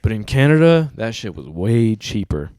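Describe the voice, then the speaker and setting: A young man hosting a casual chat, telling stories in an animated, profane, slang-heavy way. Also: lowish voice, moderate pace, no echo, studio quality. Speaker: host.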